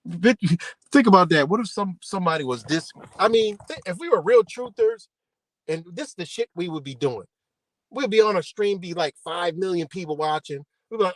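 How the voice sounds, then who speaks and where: A man hosting a livestream who reads legal text aloud, then breaks into an animated, profane rant. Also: high-pitched, moderate pace, dry recording. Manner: animated and profane, swinging between reading and ranting. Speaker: livestream host. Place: home livestream setup.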